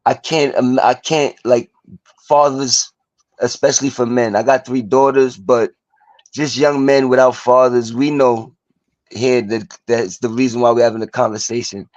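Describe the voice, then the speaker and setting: New man, halting and hesitant, dull dry call audio, mid-pitched. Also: steady tone, a little mellow, dry recording. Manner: halting, searching for words. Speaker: guest. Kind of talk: emotional personal sharing. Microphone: video call.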